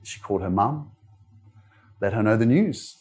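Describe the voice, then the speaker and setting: Young Australian motivational speaker, candid and loose, filler-heavy storytelling at a live event. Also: male voice, on the low side, animated, normal speed, a little mellow. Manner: candid storytelling, frequent "like" and "you know" fillers. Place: wellness centre event room.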